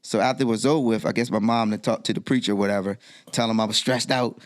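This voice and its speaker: A middle-aged man, a guest DJ, telling a personal story in a podcast interview, his voice jumping high when he quotes himself. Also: fairly even intonation, fast talker.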